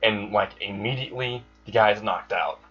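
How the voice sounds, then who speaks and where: A man's voice: on the low side, moderate pace, a bit bright, slightly rough, soft background music. A young man casually improvising a fan story, rambling, swearing and correcting himself as he goes. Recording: dull lo-fi recording.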